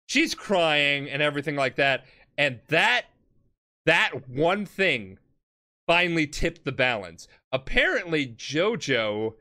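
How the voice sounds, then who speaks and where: A tipsy man hosting a podcast, telling a story in a casual, profane way and jumping into shouted character voices. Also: medium pitch. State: drunk. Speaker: podcast host.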